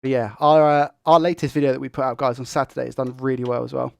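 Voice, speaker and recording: A young man who talks fast and excitably while hosting a tech live stream and reading viewer comments. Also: medium pitch, vocal fry, no echo. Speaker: tech livestream host.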